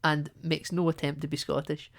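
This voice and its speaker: A man's voice: a little high, flat delivery, normal speed, vocal fry. A man co-hosting a casual movie-review podcast, chatty and laughing often, acting out characters' lines as he talks. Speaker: podcast co-host.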